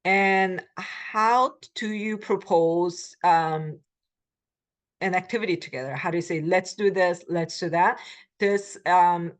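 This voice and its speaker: A woman teaching a beginner language lecture, explaining step by step, with frequent filler pauses while she models short phrases. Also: on the low side. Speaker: Korean language instructor.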